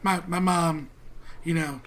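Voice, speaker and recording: Man doing a small mephit creature, sheepish, rambling, higher voice, louder. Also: steady tone, takes it slowly, slight background noise.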